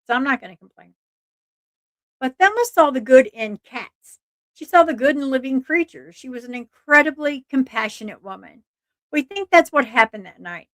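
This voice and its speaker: A slightly high-voiced woman hosting a true crime livestream, talking in a loose, earnest way. She restarts her sentences often and breaks off to speak to her chat. The sound is dry and close, with little room. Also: expressive, normal speed, fairly bright tone, no room sound. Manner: chatty, earnest, asides to chat, frequent restarts. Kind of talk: casual live-stream narration.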